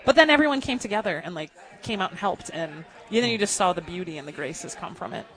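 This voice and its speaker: A woman's voice: fairly low pitch, lively intonation, fast talker, fairly bright tone, some chatter behind. A woman hosting a talk radio interview, gushing and chatty with lots of fillers. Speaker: radio show host.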